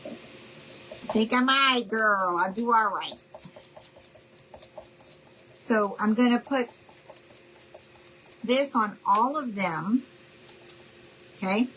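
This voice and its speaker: Female craft-tutorial host, unhurried and chatty, keeps checking in with viewers, faint hum behind. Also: a little high, sharp tone, low-quality recording. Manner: chatty, addresses viewers as y'all, checks in with okay?. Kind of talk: live crafting demonstration.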